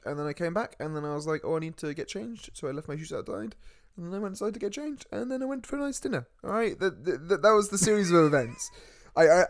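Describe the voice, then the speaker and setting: A man co-hosting a podcast, telling a story in casual chat, laughing at himself as he goes. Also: on the high side. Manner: laughs through his own story, self-mocking. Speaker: podcast co-host.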